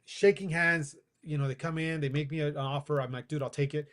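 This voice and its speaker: Man telling a story with animated dialogue. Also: fairly high pitch, a little fast. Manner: animated, acts out quoted dialogue, laughs while telling. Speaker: guest. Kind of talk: casual storytelling.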